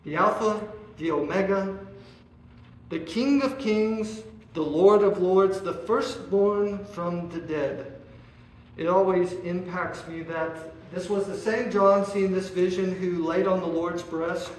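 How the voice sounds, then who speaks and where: A man preaching a sermon, asking his listeners rhetorical questions and often pausing on "uh". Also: high voice, fairly even intonation. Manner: asks the listeners rhetorical questions, with many "uh" fillers. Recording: echoey room.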